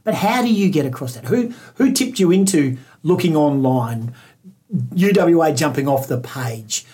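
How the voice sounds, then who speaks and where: A man's voice: on the high side, animated, moderate pace, dark tone, husky. A man with an Australian accent hosting a podcast interview, asking long, rambling questions with many restarts. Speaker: podcast host.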